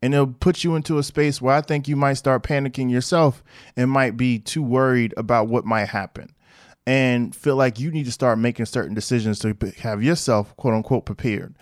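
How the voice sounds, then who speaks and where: A man's voice: medium pitch, normal speed, no room sound, clean studio sound. Man telling a story on his podcast. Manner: animated storytelling with slang and asides. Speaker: podcast host. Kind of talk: casual monologue.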